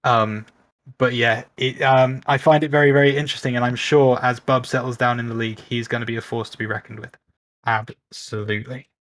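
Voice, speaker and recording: A chatty British man hosts a casual online league stream. He talks in an upbeat, easygoing way and often pokes fun at himself. His voice sits at a middle pitch. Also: steady tone, a little fast, a bit bright, no echo. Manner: upbeat, chatty, self-mocking. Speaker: league host and caster. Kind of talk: casual esports stream talk.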